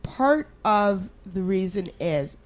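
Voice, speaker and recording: A woman's voice: mid-range voice, very animated, slow. A young adult woman from Canada, co-hosting a podcast in casual chat, candid and emphatic with casual swearing. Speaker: podcast co-host.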